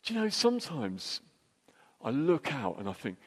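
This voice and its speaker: A man's voice: mid-range voice, huge pitch swings, husky. Man preaching in a reverberant hall. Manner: anecdotal and jokey, quick restarts. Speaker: church speaker. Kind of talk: storytelling sermon.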